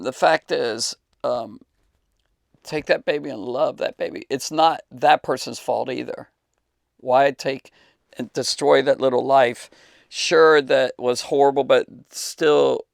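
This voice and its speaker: Gravelly male Bible teacher, dry close sound, emphatic off-the-cuff answer full of fillers. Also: mid-range voice, no echo. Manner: emphatic, halting with many fillers and restarts. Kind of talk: unscripted talk to camera.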